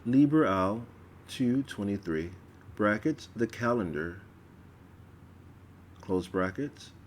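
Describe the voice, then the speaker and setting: Male reader, unhurried ritual-text reading, faint hiss behind. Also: on the low side, expressive. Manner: slow, measured reading with stumbles.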